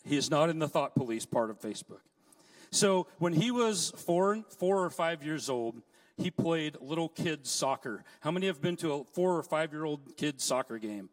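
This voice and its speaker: Middle-aged preacher telling lively stories. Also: male voice, a little high, normal speed, recorded from a distance. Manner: lively storyteller, joking asides. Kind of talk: sermon with personal stories. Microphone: handheld mic, set down at times.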